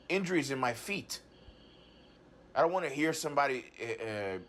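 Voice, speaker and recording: Halting, agitated man. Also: medium pitch, a bit bright, slight background noise. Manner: halting, repeats words, frequent restarts. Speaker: client in a talk therapy session. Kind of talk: agitated personal account.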